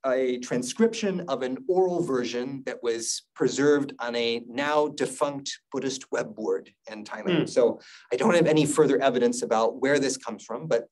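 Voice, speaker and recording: A man giving a university lecture on poetry, halting and thoughtful, with frequent fillers. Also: medium pitch, a little mellow, low-quality recording. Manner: chants verse lines slowly. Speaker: guest lecturer.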